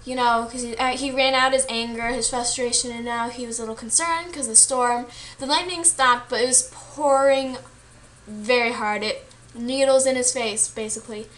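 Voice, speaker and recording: High-pitched girl retelling a story for her vlog, chatty, lots of "you know" and "like". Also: steady tone, moderate pace, a bit bright. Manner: chatty, full of fillers and quoted lines. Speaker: student vlogger.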